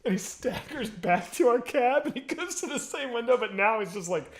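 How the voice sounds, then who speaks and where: High-voiced man telling a story with laughs. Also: animated, moderate pace. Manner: laughs while telling a story, swears freely. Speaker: comedy podcast co-host. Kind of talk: casual storytelling chat.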